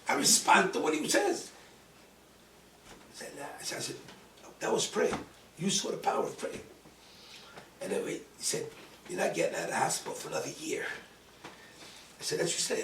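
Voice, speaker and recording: A rabbi with a fairly high, creaky, slightly bright voice tells a personal story dramatically in an event hall, forcefully quoting himself. The recording has a distant mic in an echoey room, with a little hiss or hum.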